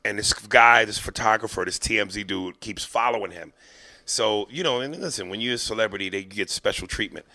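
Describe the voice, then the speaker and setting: A man hosting a podcast, telling profane, animated comic stories and acting out the people in them. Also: fairly low pitch, brisk. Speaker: podcast host. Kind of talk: comedic storytelling.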